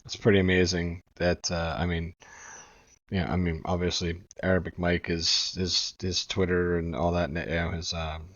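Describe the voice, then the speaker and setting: A chatty reaction host from New England with a very low voice. He rambles on and drops the odd swear. The recording is dry and somewhat dull. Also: flat delivery, normal speed, a bit bright, no echo. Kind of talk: casual commentary.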